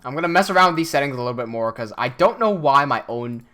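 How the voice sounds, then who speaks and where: A man streaming live, reading chat aloud and thinking out loud as he works. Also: medium pitch, animated, quick pace. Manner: thinks aloud while working, reads chat aloud. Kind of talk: casual livestream chat.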